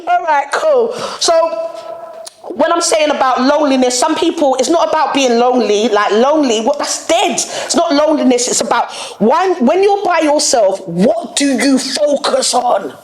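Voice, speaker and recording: A woman hosts her podcast solo, talking candidly in slang and breaking into laughter. Her voice sits a little high. The recording has a roomy echo. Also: lively intonation, moderate pace. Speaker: podcast host. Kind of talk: casual solo rant.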